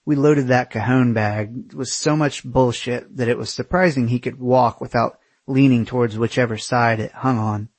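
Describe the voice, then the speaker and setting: A man's voice: mid-range voice, fairly even intonation, moderate pace, hardly any pauses, darkish tone, dry recording. A young man narrating his own travel memoir aloud in a sardonic, self-mocking and profane way.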